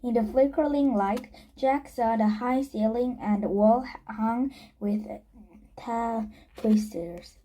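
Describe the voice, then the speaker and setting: A woman reading a children's chapter book aloud, halting with frequent restarts and slips. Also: on the high side, warm tone, low-quality recording. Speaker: storybook reader.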